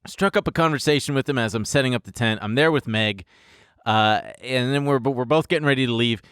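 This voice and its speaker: A man's voice: mid-range voice, a little fast, a bit bright, smooth, dry recording, clean studio sound. A man co-hosting a podcast in casual chat, with wry, teasing banter. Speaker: podcast co-host.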